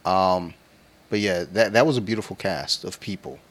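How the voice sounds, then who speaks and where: A man's voice: sits low, moderate pace. A man co-hosting a podcast, rambling in crude, slangy casual chat. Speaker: podcast co-host.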